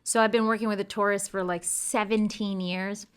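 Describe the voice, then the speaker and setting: A middle-aged woman from Colombia, talking as an interview guest in an emphatic, playful way with quick bursts. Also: mid-range voice, fairly even intonation, smooth. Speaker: guest, real estate broker. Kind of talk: animated interview talk.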